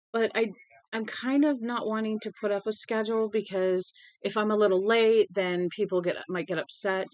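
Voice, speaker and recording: A woman hosting a read-aloud livestream, tired and yawning, chatting to viewers in a rambling, friendly way with many filler ums. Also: mid-range voice. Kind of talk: casual livestream chat after book reading.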